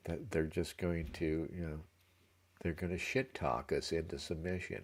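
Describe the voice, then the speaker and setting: Gravelly, profane man ranting. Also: low voice, measured pace. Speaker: livestream co-host. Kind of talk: casual livestream commentary.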